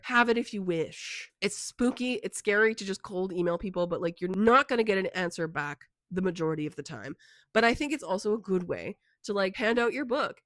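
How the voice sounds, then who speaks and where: A woman's voice: fairly low pitch, fairly bright tone, dry recording. A young woman with a sick voice, chatting casually in an advice vlog as an indie author, full of filler words and encouragement. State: sick, with a congested voice. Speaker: indie author and book vlogger.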